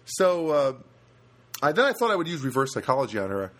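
A man's voice: mid-range voice, very animated, brisk, fairly bright tone. An older man telling stories in a casual, rambling monologue, with lots of restarts and asides.

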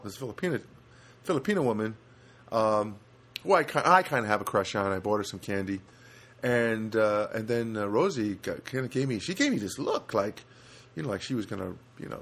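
A man's voice: fairly low pitch, lively intonation, brisk, fairly bright tone, husky. An older man telling stories in a casual, rambling monologue, with lots of restarts and asides.

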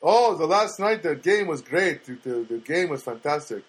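A man's voice: fairly high pitch, expressive, moderate pace, breathy edge, voice pushed up. A man voicing an eager, chatty male store clerk in a put-on foreign accent.

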